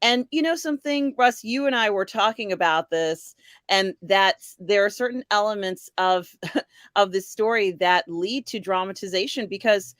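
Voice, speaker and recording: A cheerful woman hosts a relaxed live-stream chat, greeting guests and reading out viewer comments. Her voice sits at an ordinary middle pitch. The sound is dry and close, with no room around it. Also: normal speed, no room sound. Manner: upbeat, reads viewer comments aloud. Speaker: host.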